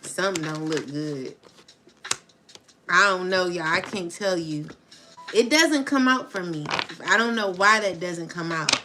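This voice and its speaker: Woman w/ aave doing a tarot reading, slow and drawn out, mocking tone, music playing under her. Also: fairly low pitch, sharp tone. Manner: taunting, laughing, talks to her audience. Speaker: tarot reader.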